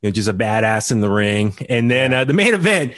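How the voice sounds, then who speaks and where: A man's voice: fairly low pitch, very animated, fairly quick, a bit bright, no echo, clean studio sound. A man hosting a casual podcast recap, talking loosely with lots of fillers and restarts. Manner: chatty, many fillers and restarts. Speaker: podcast host. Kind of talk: casual wrestling recap chat.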